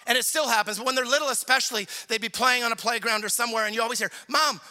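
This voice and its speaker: A man preaching a sermon as pastor to a congregation in church, animated and humorous, acting out everyday quotes as he goes. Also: very high voice, very fast. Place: church service in front of a congregation.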